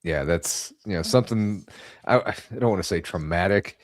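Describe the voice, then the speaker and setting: A low-voiced man hosting a casual interview. He asks questions with a few hesitations and keeps the guest going with short, encouraging responses. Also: moderate pace. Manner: brief supportive backchannels, hesitant questions. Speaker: podcast host.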